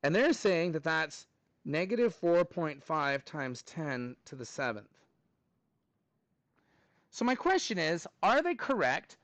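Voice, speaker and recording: Lively high-voiced male math teacher. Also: slow, pauses often, no echo, low-quality recording. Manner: animated, playful, many fillers. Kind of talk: classroom lesson. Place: classroom.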